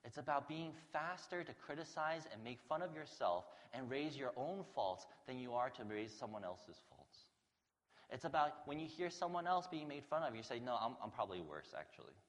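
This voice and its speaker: A man's voice: mid-range voice, lively intonation, moderate pace, big-room sound. A man preaching a sermon to his congregation in an earnest, conversational way. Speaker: pastor.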